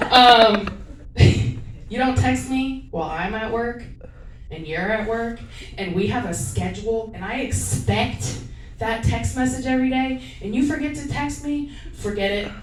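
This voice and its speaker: A woman's voice: on the high side, noisy background. A woman doing an open mic stand-up set, profane, rambling and self-mocking, in a small comedy club. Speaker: stand-up comic. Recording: echoey club mic from a distance.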